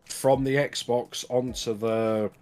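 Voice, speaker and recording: Brief: mid-pitched guy, rambling gamer buddy, faint music under him. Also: fairly even intonation, slow pace, a little mellow. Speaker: gaming friend. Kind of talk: casual gaming chat.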